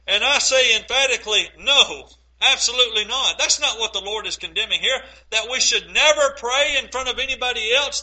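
A man's voice: very high voice, pushed and bright, poor audio. A middle-aged man preaching a sermon, earnest and emphatic, with rhetorical questions to the congregation.

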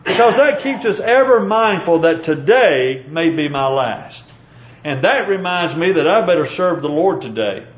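A man preaching a sermon in a fairly high voice, earnest and measured, pausing with fillers as he quotes scripture. The sound is echoey and a little dull.

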